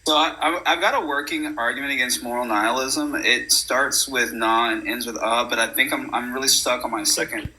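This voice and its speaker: A man's voice: medium pitch, steady tone, brisk, hardly any pauses, bright, forceful tone, slight background noise, poor audio. A man in a casual online debate chat, making dry jokes.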